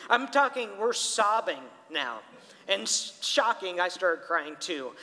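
A middle-aged pastor with a strikingly high, bright and forceful voice preaches a story-driven sermon. His words ring out with a long reverb across the church hall, and he often turns to speak directly to the congregation. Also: unhurried. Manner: storytelling, animated, addresses people directly.

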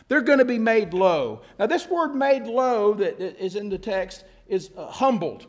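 A man's voice: very high-pitched, fairly bright tone. A male pastor preaching a sermon, earnest, stretching key words for emphasis, repeating phrases, and dropping in casual asides. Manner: informal asides with a self-correcting laugh.

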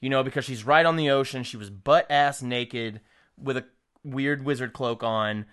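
A man's voice: medium pitch, moderate pace, a bit bright, clear, resonant tone. A young adult man co-hosting a podcast, chatting in a laid-back, slangy and profane way. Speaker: podcast co-host. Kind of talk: casual podcast chat.

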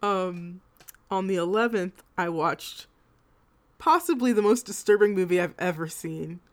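A woman's voice: lowish voice, unhurried. A woman co-hosting a podcast, chatting casually about films, swearing and laughing mid-sentence. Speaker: podcast co-host. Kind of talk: casual chat.

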